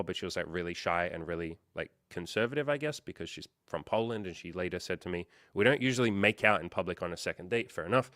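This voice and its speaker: A low-pitched man hosts a casual livestream, chatting straight to his viewers. He rambles through stories with loads of fillers and the odd curse word, sounding open and unfiltered. The sound is dry and close, with no room around it. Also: a bit bright, no echo. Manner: candid, profane, rambling storyteller with lots of fillers. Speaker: dating coach hosting a livestream.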